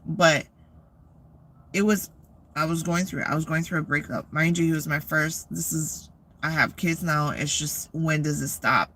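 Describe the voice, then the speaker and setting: Woman vlogger, forceful bright voice, profane rambling storyteller. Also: low voice, a little slow, slight background noise. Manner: profane, rambling, animated retelling. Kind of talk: casual storytelling.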